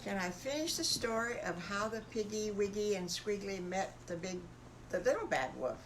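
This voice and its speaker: An older woman, a grandmother telling a bedtime story in a gentle, homey, folksy way. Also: mid-range voice, expressive, moderate pace, background noise.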